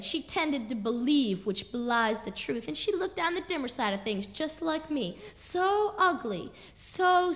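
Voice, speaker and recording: Profane high-voiced woman doing spoken word. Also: vocal fry, pushed and bright. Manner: raw, profane, rhythmic storytelling. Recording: long reverb.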